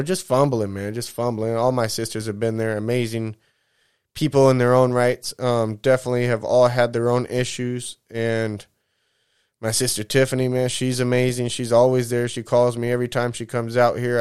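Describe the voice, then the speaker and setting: A man's voice: medium pitch, level tone, normal speed, darkish tone, clean tone. A man in his mid-thirties talking in a casual, rambling vlog monologue, candid and emotional, drifting off topic, swearing freely and saying "man" at the end of many sentences. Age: 30s. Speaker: vlogger.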